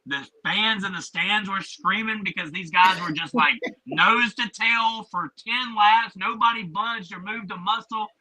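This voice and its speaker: A man talking on a radio show, telling stories in an animated, emphatic way. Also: high voice, unhurried, few pauses, rough recording. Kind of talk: casual radio talk.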